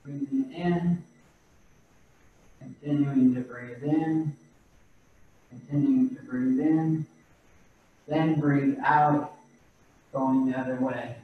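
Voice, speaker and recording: A man teaching a qigong class over a video call, giving slow, calm breathing and movement cues. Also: mid-range voice, a little hiss or hum. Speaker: qigong instructor. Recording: roomy, distant, dull video-call audio.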